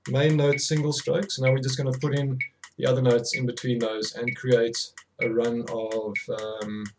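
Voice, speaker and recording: A man's voice: medium pitch, flat delivery, moderate pace. Man, drum tutor, casual instruction, counts beats aloud, fillers, faint background noise. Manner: counts rhythms aloud, self-correcting, loose with fillers. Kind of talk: instructional demonstration.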